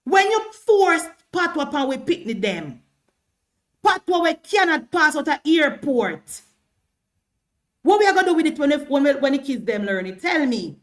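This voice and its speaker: A Jamaican woman hosts a political livestream and argues heatedly, repeating herself and stammering when she gets worked up as she presses her point. Her voice sits high and is very animated, moving at a moderate pace.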